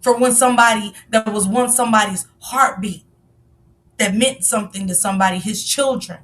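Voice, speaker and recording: Woman ranting on her stream, loud and emphatic, bright voice kinda far from the mic. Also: medium pitch, normal speed, slight background noise. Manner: passionate, emphatic, rhetorical questions, sometimes shouting. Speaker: livestream commentator. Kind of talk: heated live-stream commentary.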